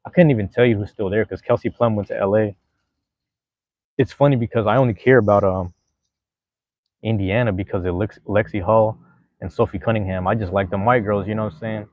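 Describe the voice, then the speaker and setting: Male podcast host, laid-back and slangy, a bit low-pitched, dry close sound. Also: steady tone, fairly quick, no echo, narrow, tinny audio. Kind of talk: casual podcast chat.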